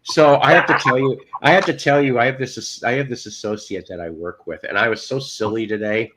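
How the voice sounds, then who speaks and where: A man's voice: mid-range voice, a little fast, fairly bright tone, a little hiss or hum, low-quality recording. A man co-hosting a casual show, rambling through crude jokes and repeating himself. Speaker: podcast co-host. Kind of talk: casual joking chat.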